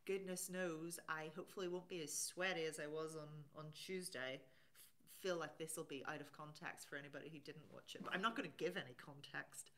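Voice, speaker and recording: A woman's voice: low voice, steady tone, a little fast, a bit bright. A woman hosting a casual live stream, chatting and reading out viewer comments. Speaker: livestream host.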